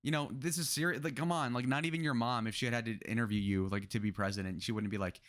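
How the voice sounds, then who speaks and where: A man's voice: mid-range voice, quick pace, few pauses, a bit bright. A man doing reaction commentary on a video clip, sarcastic, profane and exasperated. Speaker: political commentator.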